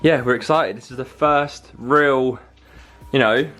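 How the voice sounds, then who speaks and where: A young man chatting casually to camera while in a car, easygoing and relaxed. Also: medium pitch, a little slow. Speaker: vlogger, partner. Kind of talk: casual vlog chat. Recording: car noise behind. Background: car and traffic noise.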